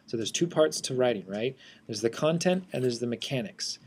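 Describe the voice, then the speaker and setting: A man teaching assistive technology in a screencast walkthrough, explaining in a steady, teacherly way. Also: mid-range voice, a little fast, breathy edge.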